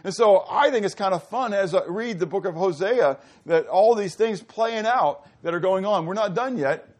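A man's voice: sits high, expressive, normal speed. A man preaching a sermon, teaching animatedly and putting questions to his listeners. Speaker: pastor.

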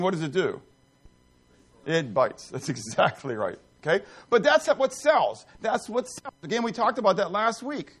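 A pastor preaching a conversational sermon in church, asking the congregation questions and breaking off into asides with many restarts. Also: male voice, high-pitched.

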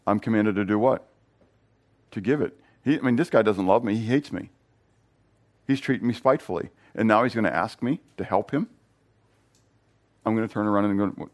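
Male pastor, mid-pitched voice, lively sermon delivery with playful asides and abrupt volume swings. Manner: restarts and repeats words mid-thought.

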